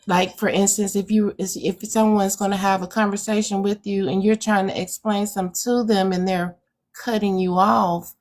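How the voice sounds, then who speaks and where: Slow, reflective woman with rural Alabama accent. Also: mid-range voice. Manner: slow, reflective, many hesitant fillers. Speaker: guest poet. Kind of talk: casual interview chat.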